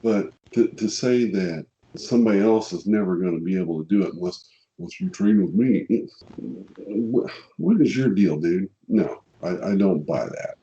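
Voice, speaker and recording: A man's voice: sits low, animated, normal speed, mellow, dull audio. A man with a Missouri accent co-hosting a casual podcast, plainspoken and blunt, getting fired up as he talks. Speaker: podcast co-host.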